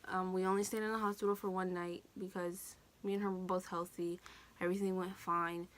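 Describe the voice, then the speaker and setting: A woman's voice: on the low side, level tone, fairly quick. A teenage woman telling a personal story in a casual, candid vlog, swearing now and then. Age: teens. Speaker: vlogger.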